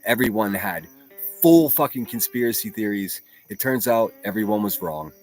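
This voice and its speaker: A man riffs through a solo stream in a blunt, swearing, mocking way, talking somewhat low in his range. Faint music sits underneath his casual reaction commentary. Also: normal speed, darkish tone. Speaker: livestream commentary host.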